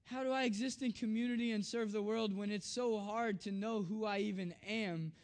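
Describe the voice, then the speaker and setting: A man preaching in a storytelling style, acting out family dialogue with animated voices and dropping soft and low on tender, reflective lines. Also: normal speed. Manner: animated, acts out his daughter's lines in a raised voice. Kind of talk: storytelling sermon.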